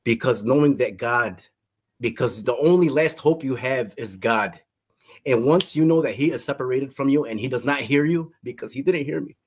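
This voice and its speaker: A man with a husky, breathy voice tells an emotional personal story. He stumbles, repeats words and restarts his sentences as he searches for the right way to say things. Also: medium pitch. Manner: halting, repeats himself, restarts phrases. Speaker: testimony guest.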